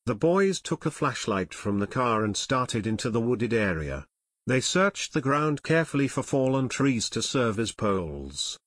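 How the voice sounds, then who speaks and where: A man narrates a full-length adventure audiobook, building suspense with a lively, widely moving pitch. His voice sits at an ordinary middle pitch, recorded close and dry with no room sound. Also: a little slow, dry recording. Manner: expressive, suspenseful storytelling.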